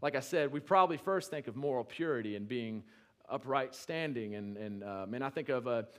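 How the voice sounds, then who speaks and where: A male pastor preaching a sermon, conversational with restarts, building to loud emphatic peaks and then dropping low. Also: lively intonation, fairly quick.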